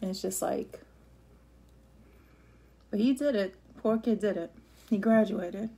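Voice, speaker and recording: A woman's voice: mid-range voice, slow, vocal fry, pauses often, mellow. A middle-aged woman vlogger rambling casually in an eating-show chat, chatty and emotional.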